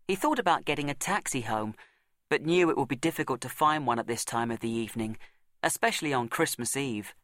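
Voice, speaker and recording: A man reading a story aloud as narrator, measured and deliberate, with dramatic pauses and slowed words for emphasis. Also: mid-range voice, expressive, a bit bright, no room sound, studio quality.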